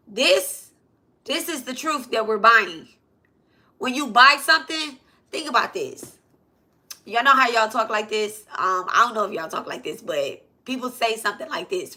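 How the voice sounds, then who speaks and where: Woman, casual spiritual teacher, bright voice, keeps checking in with listeners. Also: on the high side. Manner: repetitive, asks "okay?" and "right?" often.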